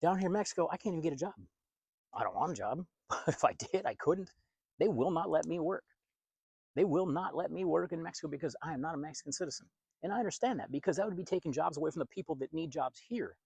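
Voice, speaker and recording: A man's voice: a little high, animated, fast talker, vocal fry, a little mellow, husky, no room sound. A man who works as a pastor and video host, from the United States, preaching in a blunt, emphatic and confrontational monologue.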